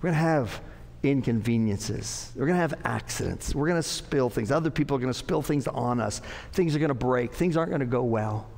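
A man's voice: on the high side, normal speed, creaky, a little mellow. A man pastor giving an earnest, conversational sermon in a church, repeating his phrases for emphasis. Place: church sanctuary. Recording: long church-hall reverb.

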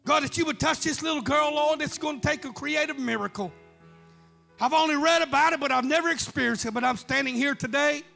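A man's voice: extremely high pitch, a little fast, vocal fry, bright, forceful tone, soft background music, voice pushed up, heavily acted. A man acting out an old-time faith healer praying aloud for a miracle in a humble, solemn tone. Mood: prayerful. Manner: solemn, prayerful.

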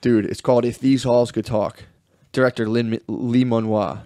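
Young male podcast co-host, casual rambling storyteller, dry close mic, mid-pitched. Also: fairly even intonation, normal speed, mellow, no echo. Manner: rambling storytelling, mocks people in quoted voices.

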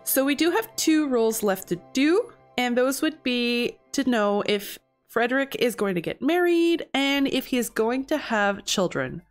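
A young woman talks through a life-simulation game in a slightly high, conversational voice, chatty and quick to react. She narrates her choices casually and bursts into disbelieving exclamations when things go wrong. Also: expressive, faint music behind. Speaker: gameplay video host. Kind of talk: casual gameplay commentary.

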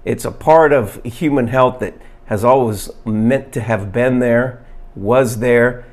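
A man of middling pitch talks straight to camera in an earnest, plain-spoken way. He shows how to prepare a fermented food and stops often on "uh" and "um". When he reads a study aloud, his delivery turns halting. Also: darkish tone. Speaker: health vlogger. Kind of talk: casual demonstration to camera.

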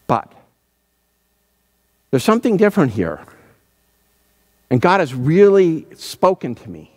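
A male pastor preaching an earnest, searching sermon, slowing down and pausing to stress his points. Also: a little high, very animated, darkish tone, big-room sound. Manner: earnest, searching, slows down for emphasis.

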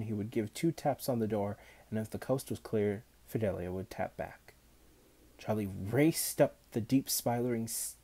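A man reading a children's novel aloud in an unhurried, even storytelling manner. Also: fairly low pitch. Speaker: audiobook reader.

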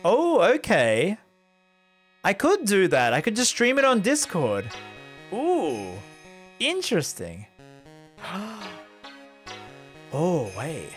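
Playing a visual novel on stream, a man rambles and laughs a lot as he chats casually with viewers. His voice is high-pitched with huge pitch swings, he speaks a little slowly, and faint music plays behind him.

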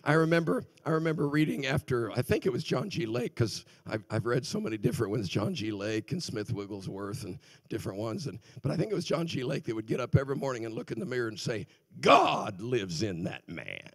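Animated gravel-voiced older male preacher. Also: mid-range voice, quick pace, no room sound. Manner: animated preaching, swings from loud exclamations to quiet asides, laughs between points. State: voice sounding off. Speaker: guest minister. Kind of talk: sermon. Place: church sanctuary.

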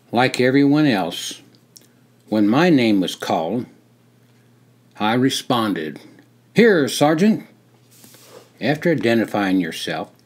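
Slow, measured older male storyteller. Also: mid-range voice. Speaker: memoir narrator. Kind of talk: reading a personal memoir.

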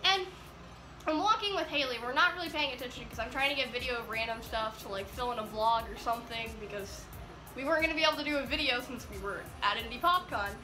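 A teenage girl telling an excited vlog story, rambling giddily with lots of "like"s. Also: a little high, fast. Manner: giddy, rambling with many "like"s. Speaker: vlogger. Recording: echoey room with faint music.

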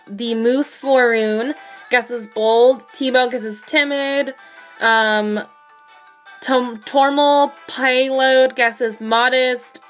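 A woman streaming a game live, excited and rambling, her voice shaky with excitement as she reacts. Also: a little high. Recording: faint music behind.

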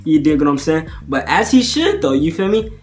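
A young man with a somewhat high-pitched voice talks casually to the camera, rambling in loose slang and constantly checking in with his viewers. Faint guitar music plays underneath. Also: sing-song, a little fast. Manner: chatty, slangy, keeps asking "you feel me". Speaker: prank vlogger.

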